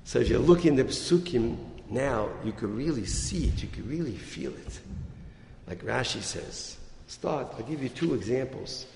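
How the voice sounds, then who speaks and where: A man's voice: medium pitch, moderate pace, creaky. A man giving a sermon, telling a story and acting out the quoted lines with a rising and falling voice. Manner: animated storyteller, acts out quotes with rising and dropping voice. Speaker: rabbi giving a Torah talk. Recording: echoey hall, faint noise.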